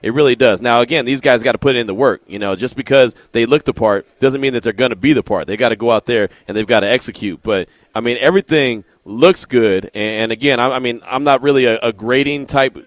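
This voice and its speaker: A man hosting sports talk radio in a relaxed, conversational way. His voice is mid-pitched and sounds dry and close, with no room echo. He reads listener texts aloud and talks them over. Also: quick pace, few pauses.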